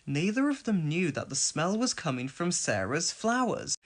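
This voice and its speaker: A woman narrating a children's storybook for a read-along. Her voice is expressive and animated. She sounds like a warm bedtime reader. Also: on the low side, normal speed, hardly any pauses.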